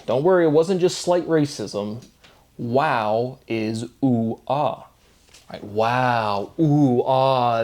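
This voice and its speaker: A man hosting his own channel, talking alone in a loose, rambling monologue about word logic, full of fillers and self-corrections. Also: mid-range voice. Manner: loose, filler-heavy, wordplay-driven musing. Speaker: solo channel host.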